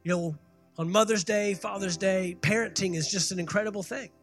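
A pastor preaching a sermon, building to loud emphatic peaks and calling for the congregation to respond. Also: male voice, high voice, a little fast, faint music behind. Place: church sanctuary.

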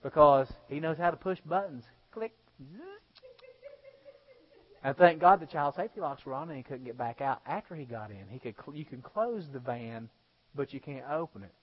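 A male pastor preaching a sermon, swinging between loud exhortation and hushed storytelling. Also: a little high, lively intonation, normal speed, husky. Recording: dull lo-fi sound.

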